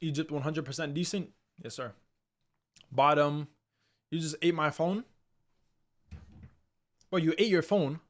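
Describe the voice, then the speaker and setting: A man's voice: a little high, unhurried, long pauses. A young man casually hosting a live football ranking stream, chatting loosely and reacting to viewers' comments with slang. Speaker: livestream host.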